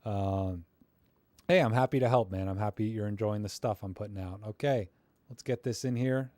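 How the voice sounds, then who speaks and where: A man's voice: on the low side, moderate pace, warm tone, no room sound. A man hosting a live stream where he critiques viewers' photos, talking casually in a rambling, friendly, self-deprecating way with lots of fillers. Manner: friendly, encouraging toward viewers.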